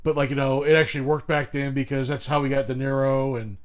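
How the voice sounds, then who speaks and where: A man's voice: mid-range voice, little pitch movement, fast talker. A man from Chicago co-hosting a podcast over a remote call, rambling and profane, full of restarts and asides. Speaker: podcast co-host. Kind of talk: casual chat.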